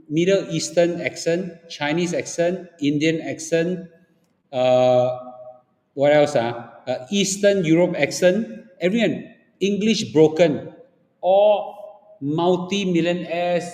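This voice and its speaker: A man with a Singaporean accent hosts an opinionated livestream, blunt and lecturing, often checking in with "okay?" and "ah". His voice is a little high with a darkish tone, heard in an echoey room with long reverb.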